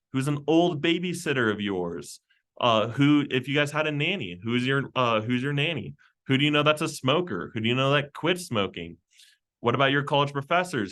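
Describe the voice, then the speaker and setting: Man, team leader, rapid-fire questions, bright voice, casual meeting talk. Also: medium pitch. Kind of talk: brainstorming prompts at a team meeting.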